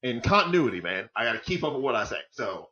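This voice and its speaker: This man's mid-range voice is bright and forceful, with big pitch swings and a fast pace. He co-hosts a football podcast as a fan, joking around, swearing freely and rambling between points, and the recording sounds dull and lo-fi.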